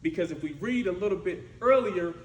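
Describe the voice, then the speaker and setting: High-voiced man preaching a story sermon. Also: fairly quick. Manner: lively, conversational, frequent "right?" asides. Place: church sanctuary. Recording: echoey church room with faint noise.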